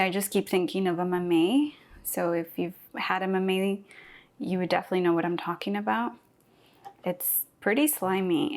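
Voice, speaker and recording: Excited woman chatting while tasting. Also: mid-range voice. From Mexico. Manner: excited, chatty, thinking aloud while eating. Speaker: cooking vlogger. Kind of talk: casual first-impressions tasting vlog.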